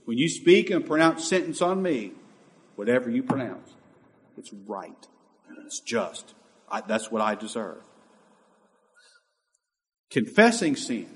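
An impassioned male preacher delivering a sermon. His pitch rises and falls in lively swings, and he shifts from ringing emphasis to near-hushed asides. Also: slow pace, pauses often.

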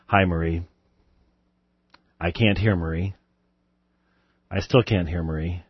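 A man's voice: low-pitched, very animated, moderate pace, long pauses, slightly rough, no room sound, muffled recording. A man hosting a live call-in show, chatting loosely with chuckles and answering Bible questions. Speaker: radio show host.

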